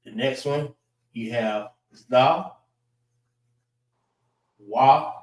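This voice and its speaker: A man teaches a class, walking through letter sounds slowly and patiently. He repeats each sound and checks in with "all right" as he goes. His voice carries a roomy echo. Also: medium pitch.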